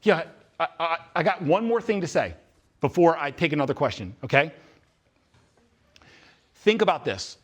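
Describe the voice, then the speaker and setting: With a voice on the high side, expressive and measured in pace, a man talks to a room of students at a youth retreat. His blunt, intense delivery repeats key points for emphasis. It's a live motivational talk with Q&A in a large indoor space with a live audience.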